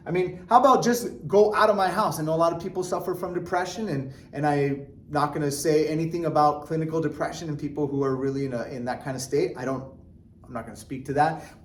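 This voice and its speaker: A man with a voice on the high side talks earnestly to his viewers in a casual motivational vlog. He's animated, often restarting sentences and using plenty of fillers.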